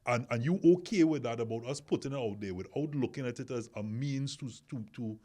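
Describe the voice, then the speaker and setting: A podcast host with a mid-range, dark-toned voice speaks briskly during a casual discussion. He keeps asking questions and hammers his point with repeated words.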